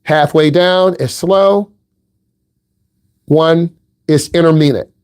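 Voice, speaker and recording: A man's voice: on the high side, takes it slowly, a little mellow, clean tone. A middle-aged man from the Midwest giving a driving lesson in a blunt, teasing, direct way. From American Midwest. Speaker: driving instructor. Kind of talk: casual instructional talk.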